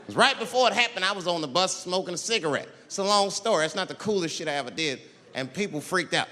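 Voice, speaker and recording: A man doing stand-up, telling a story and acting out the characters with shouted voices. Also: high-pitched, animated, fast talker. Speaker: stand-up comedian. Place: comedy venue with live audience. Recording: live stage recording in a big hall.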